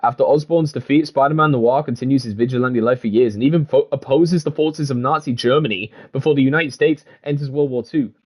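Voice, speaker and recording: A man's voice: medium pitch, darkish tone. A man giving gaming commentary and reading in-game text aloud, swearing freely and laughing often. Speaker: gaming video creator.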